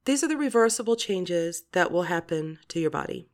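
A woman's voice: lowish voice, expressive, fairly quick. A woman in her forties hosting a podcast, talking in a chatty, rambling monologue, laughing often and swearing casually. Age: 40s. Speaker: podcast host.

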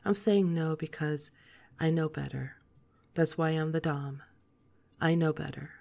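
A woman in her forties hosting a podcast, talking in a soft, calm, steady monologue. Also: sits low. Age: 40s. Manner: soft, calm, slow-paced delivery. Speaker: podcast host.

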